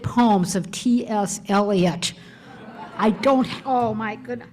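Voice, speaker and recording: A woman, the outgoing club president, leading the oath and then exclaiming warmly over gifts at a club ceremony. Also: mid-range voice, takes it slowly, noisy background. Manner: warm and effusive, exclaims often. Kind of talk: officiating and accepting gifts at a club meeting.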